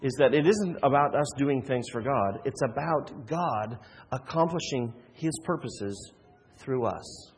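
A man's voice: medium pitch, expressive, a little slow, husky, big-room sound. A man preaching a sermon as a pastor, earnest, with frequent restarts and rhetorical questions.

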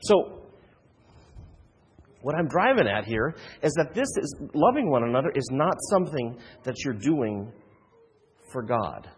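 A man's voice: mid-range voice, sing-song, unhurried, pauses often, slightly rough, in a large hall. A man preaching a sermon as a pastor, earnest, with frequent restarts and rhetorical questions.

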